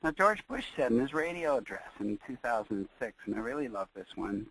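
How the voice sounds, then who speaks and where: A man presenting a webinar lecture, speaking in a measured, searching way with frequent pauses. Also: mid-range voice, expressive, a bit bright, a little hiss or hum, rough recording.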